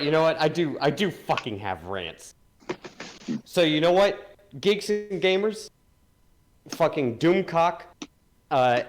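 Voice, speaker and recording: Man ranting hard, higher voice. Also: poor audio. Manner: angry, swearing, emphatic. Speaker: podcast co-host. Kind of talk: profane rant on a livestream.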